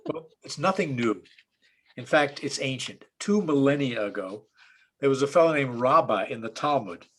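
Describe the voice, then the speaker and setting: A man, a rabbi and stand-up comedian, giving a relaxed online talk full of jokes, with plenty of ums and restarts. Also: mid-range voice, slight background noise. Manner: relaxed storyteller, many fillers and restarts.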